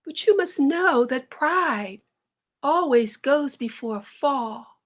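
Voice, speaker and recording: Woman doing a gentle wise mother. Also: high-pitched, lively intonation. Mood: tender. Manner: soothing, slow, moralizing. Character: gentle, wise old mother comforting daughter.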